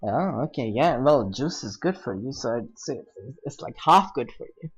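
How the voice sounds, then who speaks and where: A man's voice: mid-range voice, lively intonation, moderate pace, husky, dull audio. A man streaming a game and chatting casually with friends over voice chat, teasing and laughing often.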